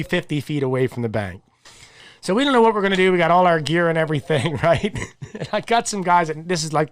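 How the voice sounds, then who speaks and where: A man hosting a podcast, telling a long story in a rambling, animated way, often repeating words and chuckling mid-sentence. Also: fairly high pitch, no echo. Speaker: podcast host. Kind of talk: casual chat.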